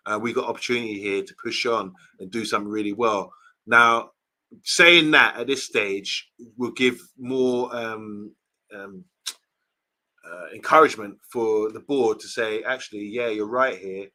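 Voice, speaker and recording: Bright-voiced man chatting football. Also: on the low side, a little slow. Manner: animated, acts out imagined conversations. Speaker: co-host of a football fan livestream. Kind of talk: casual chat.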